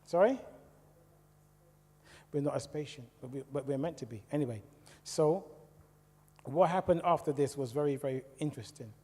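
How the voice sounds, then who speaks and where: A man's voice: mid-range voice, moderate pace, pauses often, breathy edge. British man telling his story in an echoey church. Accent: British English. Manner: lively storytelling, asking the audience questions. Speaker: church speaker. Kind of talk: personal testimony talk. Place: church hall. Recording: echoey church hall reverb.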